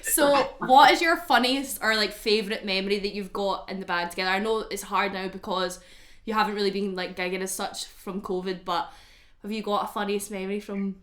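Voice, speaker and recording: A woman's voice: medium pitch, steady tone, brisk, a bit bright. A woman co-hosting a casual chat, teasing the guests playfully. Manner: teasing, playful, laughs often. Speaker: podcast co-host.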